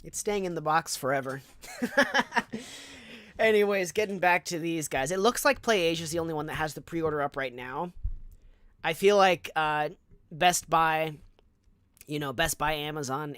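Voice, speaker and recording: A man's voice: a little high, no room sound. Chatty young man telling a story, dry. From Southern California. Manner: chatty and animated, with many fillers and asides. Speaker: streamer. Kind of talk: casual storytelling chat.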